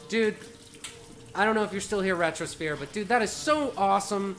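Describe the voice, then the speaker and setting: A man's voice: sits high, brisk, a bit bright. A man hosting a casual livestream, explaining his homebrew setup with a playful, joking manner. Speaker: livestream brewing host. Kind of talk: casual chat. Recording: echoey room, faint music behind.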